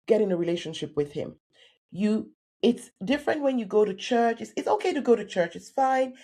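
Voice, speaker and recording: Warm-voiced woman telling a story. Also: fairly high pitch. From Nigeria. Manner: animated storyteller, acting out quoted voices. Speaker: guest career coach. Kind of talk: personal storytelling in a podcast interview.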